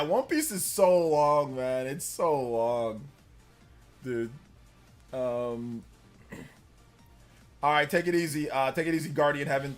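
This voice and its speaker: This young live streamer keeps the talk loose and lively, with frequent laughter and sudden jumps into squeaky character voices.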